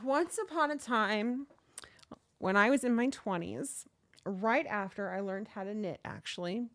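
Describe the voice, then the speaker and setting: A woman's voice: mid-range voice, a little slow, no room sound. A woman in her thirties hosting a livestream, chatting and telling a story casually. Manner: chatty, animated, reads chat aloud. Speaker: livestream host.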